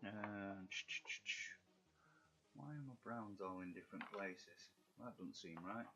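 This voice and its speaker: A middle-aged man with a rough Yorkshire accent, chatting and bantering with viewers while he paints miniatures on a live stream. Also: lowish voice, slow pace, noisy background. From England. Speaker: live-stream hobby host. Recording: dull lo-fi stream audio, faint music.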